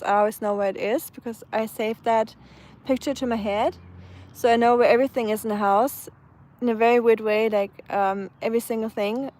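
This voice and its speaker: Woman with a German accent, slightly high voice, live streamer chatting casually outdoors. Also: a little mellow. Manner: chatty, answers viewers' comments, frequent fillers and restarts. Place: outdoors on a sunny day.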